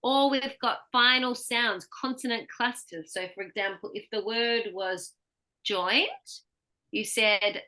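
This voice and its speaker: Australian female pronunciation coach; bright, slightly high voice; patient, models each word clearly. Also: measured pace, hardly any pauses. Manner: explains patiently, models words for repetition. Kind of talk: one-on-one pronunciation lesson.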